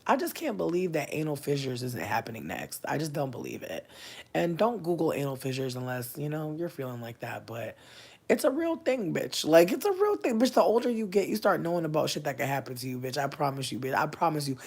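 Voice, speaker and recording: A woman in her thirties chatting casually on a livestream, answering viewers' comments, loud, profane and often laughing. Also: sits low, big pitch swings, fairly quick, gravelly, breathy edge. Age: 30s. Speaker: livestream host.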